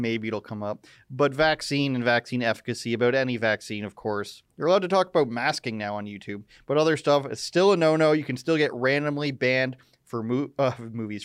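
A man hosts a live news commentary stream, cracking jokes and wandering into sarcastic asides. His voice is smooth and resonant at a middle pitch. The sound is dry and close. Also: no room sound. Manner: joking, sarcastic, rambling asides.

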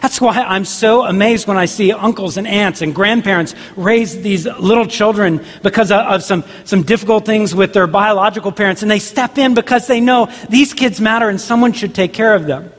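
A man's voice: sits high, normal speed, hardly any pauses. A man pastor preaching a sermon earnestly, with repeated rhetorical questions. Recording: long hall reverb.

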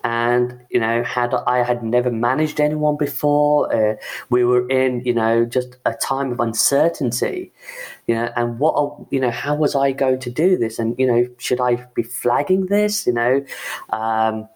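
A man, an IT manager, telling his own career story in a halting way, full of "you know" and "um". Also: medium pitch, a little mellow. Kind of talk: personal story talk.

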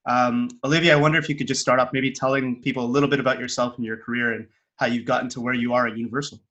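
A man hosts a podcast in friendly, joking banter. His tone is bright and forward, at a middle pitch. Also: flat delivery, rapid-fire, dull audio. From Canada. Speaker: podcast host. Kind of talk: casual interview.

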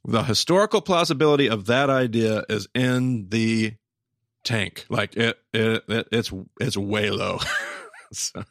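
A man co-hosting a podcast in casual chat, animated and quick to exclaim. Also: lowish voice, no room sound, studio quality. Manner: animated, exclaims, quotes himself. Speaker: podcast co-host and teacher.

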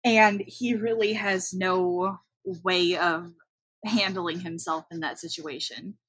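A woman co-hosting a casual chat, wryly recapping a movie in a steady, explaining way. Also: lowish voice, slow pace, husky, no room sound, rough recording. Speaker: podcast co-host.

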